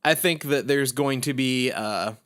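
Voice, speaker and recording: A man's voice: mid-range voice, a little slow, fairly bright tone, smooth. A young man hosting a podcast in casual chat, rambling through his points with lots of fillers and swear words. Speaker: podcast host.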